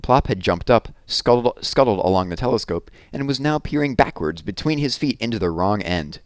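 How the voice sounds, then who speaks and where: A man reading a children's story aloud with a lively, expressive delivery. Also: medium pitch, moderate pace, dry recording, clean studio sound. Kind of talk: children's book read-aloud.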